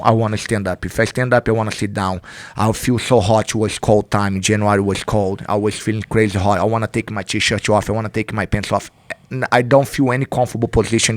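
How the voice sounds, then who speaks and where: A middle-aged man with a Brazilian accent speaks English as a second language, his voice sitting on the low side. He tells his story earnestly and repeats key words for emphasis. The sound is close and dry, with no room around it. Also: no room sound. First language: Portuguese. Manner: earnest, non-native grammar, emphatic repetition. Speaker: podcast guest, jiu-jitsu instructor. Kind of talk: candid personal story in conversation.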